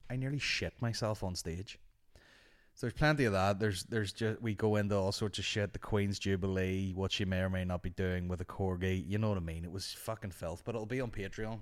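A young man with a slightly low voice hosts his podcast. He tells a rambling anecdote in a casual, lively, profane way. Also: brisk. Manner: animated, sweary anecdote-telling. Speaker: podcast host. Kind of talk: casual storytelling monologue.

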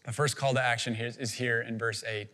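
A man preaching a sermon in an earnest way, with slow, emphatic phrases and repetition. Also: mid-range voice, fairly even intonation, pushed and bright, big-room sound. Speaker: pastor.

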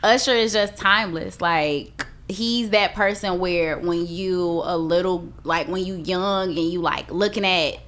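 A woman's voice: lowish voice, a little slow, few pauses, fairly bright tone. A woman from the Chicago area with a Chicago accent, a guest chatting casually on a podcast. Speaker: podcast guest, sex educator. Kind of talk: casual chat.

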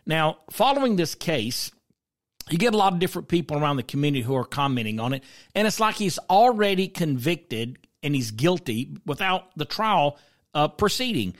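A middle-aged man with a drawl hosts his own show, speaking in a voice pitched a little above most men's. He talks his listeners through his opinions in a loose, conversational way, often turning to ask what they think and slipping into stories from his own life. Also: big pitch swings, moderate pace. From South Carolina. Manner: conversational, asks listeners questions, storytelling asides. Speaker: podcast host. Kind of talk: opinionated commentary.

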